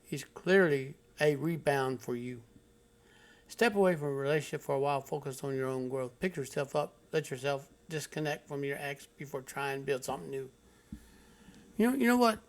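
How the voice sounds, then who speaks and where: A man's voice: mid-range voice, normal speed. A man hosting his own channel, giving blunt, preachy commentary on stories he reads out, lecturing with heavy emphasis. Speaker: channel host. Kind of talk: commentary on read-aloud online stories.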